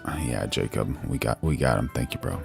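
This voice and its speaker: Very deep gravelly male stream host. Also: lively intonation, a little fast, music in the background. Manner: laid-back, calls everyone "bro", reads chat aloud. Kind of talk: casual live news commentary.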